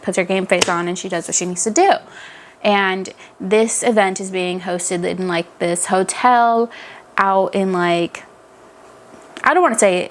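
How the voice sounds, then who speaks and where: A young woman giving a casual book review, chatty, giggling often and full of fillers. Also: medium pitch. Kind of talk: casual chat.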